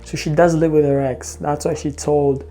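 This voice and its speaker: A man's voice: a little high, level tone, normal speed, warm tone. A man commenting casually and giving emphatic dating advice as a co-host. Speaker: podcast co-host.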